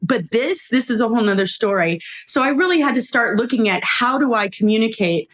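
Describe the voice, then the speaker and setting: A middle-aged woman, a guest on a podcast, telling a story in a casual, animated way, acting out quoted lines and laughing often. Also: fairly high pitch, brisk. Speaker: podcast guest, former preschool owner.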